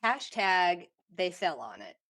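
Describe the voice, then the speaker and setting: A woman's voice: fairly low pitch, very animated, slow, a bit bright. A woman co-hosting a podcast, asking questions and dropping playful quips. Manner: playful, quippy interjections. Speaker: podcast co-host. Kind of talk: casual podcast chat.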